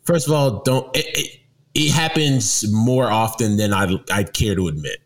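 A man co-hosting a casual sports talk show, joking and animated, often breaking into laughter as he talks. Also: fairly low pitch, normal speed. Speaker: show co-host.

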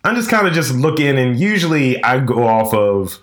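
A man co-hosting a podcast, telling stories in a casual, profane, animated way and acting out the voices of the people in them. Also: mid-range voice, normal speed, echoey room. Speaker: podcast co-host. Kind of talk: casual storytelling chat.

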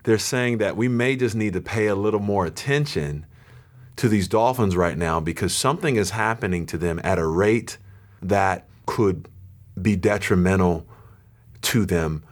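Man, podcast guest, very deep voice, casual, measured explanations. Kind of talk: casual conversation.

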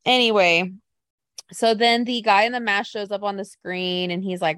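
A woman co-hosting a casual podcast chat, telling stories in an animated, gushing way. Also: mid-range voice, normal speed, clean tone, no room sound, studio quality.

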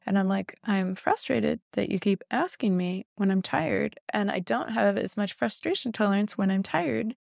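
A woman's voice: mid-range voice, animated, moderate pace, creaky, few pauses, a little mellow, no echo, clean studio sound. A woman hosting a podcast, telling stories animatedly and acting out quoted dialogue with frequent laughs. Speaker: podcast host, therapist. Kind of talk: casual conversational podcast.

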